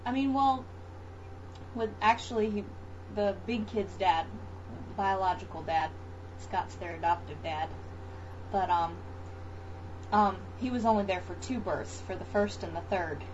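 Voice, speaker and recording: A woman's voice: mid-range voice, a little slow, long pauses, a little mellow, dull audio, a little hiss or hum. A woman recounting her birth experiences in a casual interview, talking loosely with many fillers and restarts. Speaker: interview guest, mother. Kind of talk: casual chat, birth story.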